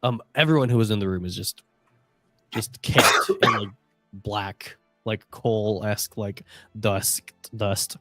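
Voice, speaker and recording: Low-voiced male game master. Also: takes it slowly, no room sound, soft background music. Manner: descriptive with frequent fillers. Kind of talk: narrating a tabletop game.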